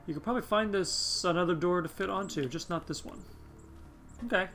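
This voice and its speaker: A let's play host, a man, talks through his game in a loose, chatty way, wandering into asides and swearing now and then. His voice sits a bit high for a man. Faint music plays behind him. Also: a little fast, a bit bright. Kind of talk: casual gameplay commentary.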